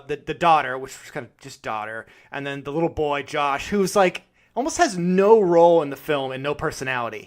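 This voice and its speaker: A man co-hosting a podcast, chatting casually about films, laughing often and swearing freely. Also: fairly high pitch. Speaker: podcast co-host. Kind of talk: casual film chat.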